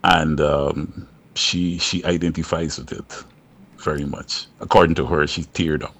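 Man, very deep gravelly voice, slow and halting with fillers. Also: level tone, a bit bright. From Guyana. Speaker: songwriter guest. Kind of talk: remote interview. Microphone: phone or video call from home.

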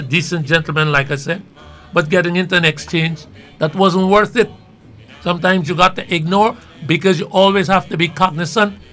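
A man comments on the news in a bright, forward voice, a little higher than most men. He talks in a measured, rambling way and thinks aloud over faint background music. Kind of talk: talk show commentary.

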